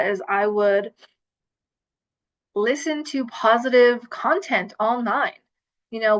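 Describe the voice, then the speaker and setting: A woman's voice: fairly high pitch, fairly bright tone. Woman host on a lo-fi livestream, chatty and rambling, everyday speaking voice. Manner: chatty, rambling, with many fillers. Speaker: self-love coach hosting a livestream. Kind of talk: casual livestream talk.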